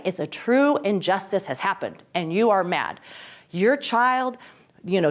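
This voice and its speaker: A middle-aged woman speaks to parents in a faith-based parenting lesson. Her delivery is lively and animated. She often acts out the voices of the people she quotes. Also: on the high side.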